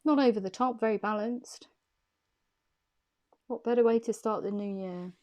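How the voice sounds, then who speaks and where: With a somewhat high, darkish voice at a moderate pace, a tarot card reader gives an intuitive reading to camera. Her manner is chatty and reassuring, with phrases repeated for emphasis and gentle, soothing encouragement.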